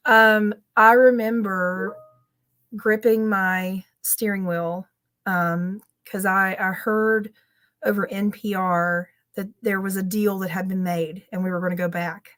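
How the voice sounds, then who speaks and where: A woman's voice: medium pitch, fairly even intonation, measured pace, a bit bright. A woman teacher, telling an emotional story on a roundtable video call, laughing often between lines. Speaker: teacher and panel guest. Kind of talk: roundtable discussion.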